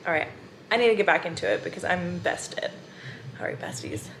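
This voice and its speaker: A woman's voice: on the low side, quick pace, creaky, soft background music. A young woman chatting casually on her book vlog, gushing and telling stories to her viewers. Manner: gushing, animated storytelling to viewers. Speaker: book vlogger.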